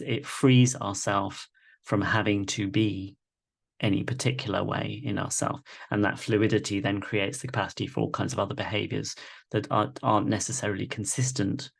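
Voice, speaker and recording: A man's voice: lowish voice, creaky. A man leading a live online masterclass, talking reflectively and often checking in with "right?". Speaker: workshop facilitator. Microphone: video call.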